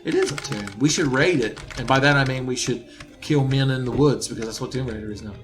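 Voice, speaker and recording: A man's voice: medium pitch, fast talker, music in the background. A man riffing sarcastically while watching a friend play a video game, trading jokes and commentary. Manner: riffing, sarcastic, lively with sudden jokey voices. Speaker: co-host commentating a let's play. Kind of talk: joking gameplay banter.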